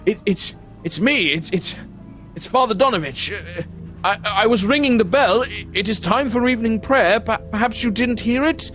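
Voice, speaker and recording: A man voicing a timid, stammering village priest who pleads through a door in a high, strained voice. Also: moderate pace, a bit bright, faint music behind. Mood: anxious pleading.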